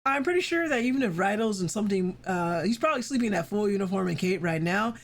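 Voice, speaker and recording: A woman's voice: medium pitch, expressive, quick pace. A woman streaming a video game, chatting casually with wry, self-interrupting asides. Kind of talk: casual live-stream commentary.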